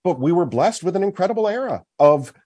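A man's voice: high-pitched, animated, fast talker, mellow, husky. A man hosting sports talk at a golf charity event, making an emphatic case point by point. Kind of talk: opinionated hockey talk.

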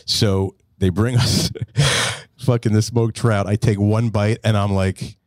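A man hosting a casual podcast, telling relaxed, swearing anecdotes. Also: fairly low pitch, slow, no echo, studio quality. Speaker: podcast host.

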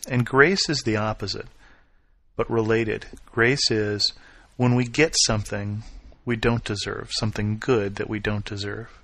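A man preaching a sermon, retelling a Bible story with expressive swings from loud emphasis to quiet reflection. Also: on the low side, measured pace, no echo. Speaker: pastor.

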